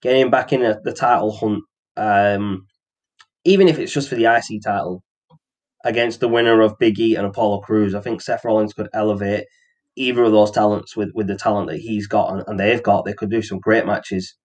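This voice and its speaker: A man's voice: on the low side, fairly even intonation, a little fast. A man co-hosting a wrestling podcast, chatting casually with frequent ums and restarts. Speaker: podcast co-host.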